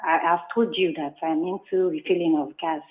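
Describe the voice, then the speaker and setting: A woman's voice: low voice, steady tone. Hesitant woman on a thin phone line. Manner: hesitant, halting with many restarts, polite. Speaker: guest caller, small business owner.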